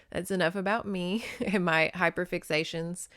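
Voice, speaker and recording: A woman's voice: lowish voice, unhurried, fairly bright tone, dry recording, studio quality. A young woman hosting a casual podcast where she recaps an old novel, chatty and giggly, swearing freely. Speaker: podcast host.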